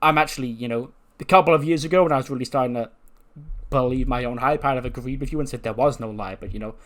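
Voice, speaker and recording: A man playing a seasoned wrestling star who answers with modesty and self-criticism. He talks quickly in an ordinary middle-pitched voice. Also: a bit bright, natural voice. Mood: modest.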